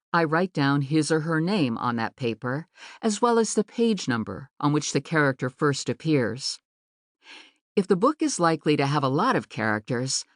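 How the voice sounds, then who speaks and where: Low, lively woman narrating a how-to guide. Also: dry recording, clean studio sound. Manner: clear, deliberate teaching delivery with marked emphasis. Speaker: audiobook narrator. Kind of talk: scripted instructional narration. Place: recording studio.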